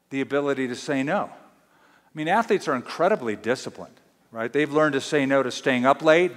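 A man's voice: a little high, in a large hall. A man preaching a sermon as pastor, emphatic and full of rhetorical questions. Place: church.

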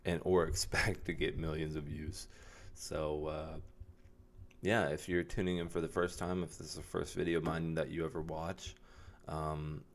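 Very deep-voiced man, flat and halting. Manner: rambling, hesitant, frequent fillers and restarts. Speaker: vlogger. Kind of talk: casual self-reflective vlog.

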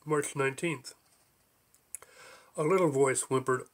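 A man's voice: mid-range voice, moderate pace. A man reading his own absurd story aloud, slipping in small voices for its many odd creatures. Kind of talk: audiobook narration.

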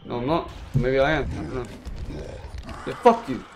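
A man's voice: mid-range voice, big pitch swings, normal speed, a little hiss or hum. Frustrated young man streaming a game. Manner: frustrated, swearing, bursts of yelling. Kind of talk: casual live-stream commentary while gaming.

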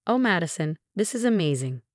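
A woman voicing a gentle, sincere older father-in-law in a narrated story. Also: lowish voice, very animated, brisk, dry recording, studio quality. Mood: kind. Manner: warm, sincere.

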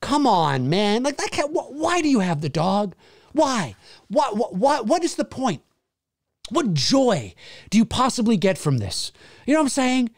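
A man hosting his own show, ranting casually, swearing freely and acting out quick voices. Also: very high-pitched, very animated, no echo, studio quality. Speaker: show host. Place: lives in a big city.

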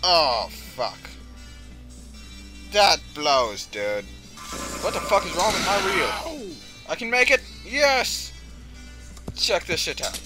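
Young male gaming host, high and animated, excitable and foul-mouthed, over loud game music. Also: slow pace, long pauses. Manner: excitable, swearing, yelling at the game. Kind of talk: casual let's-play commentary. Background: game music and sound effects.

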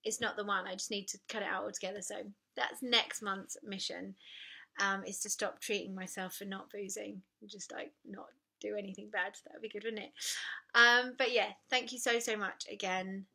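Bright-voiced woman vlogging candidly. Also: mid-range voice, steady tone, moderate pace, gravelly. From United Kingdom. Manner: candid and self-mocking, with frequent ums. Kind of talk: casual personal vlog to camera.

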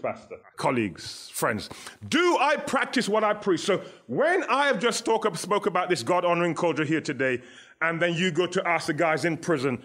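A man preaching a sermon, exuberant, laughing and shouting Hallelujah. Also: fairly high pitch, big pitch swings, normal speed. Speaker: pastor and guest speaker.

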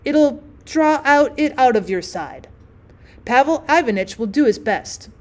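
A woman's voice: high voice, animated, measured pace, darkish tone. A woman reading the part of an anxious old peasant turner who mutters, pleads and rambles. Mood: coaxing. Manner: pleading, rambling, self-pitying.

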